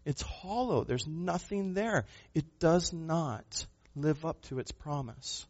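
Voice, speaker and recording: A pastor preaching a sermon, a man who speaks with emphasis, asks rhetorical questions and moves between loud and soft passages. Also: fairly high pitch, lively intonation, slow, muffled recording.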